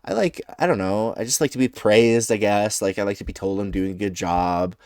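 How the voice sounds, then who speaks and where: A man's voice: on the low side, brisk, darkish tone, smooth, dry recording, clean studio sound, close to an everyday voice. A man voicing a shy, awkward, polite male forest gremlin who talks hesitantly and stammers. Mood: timid, earnest.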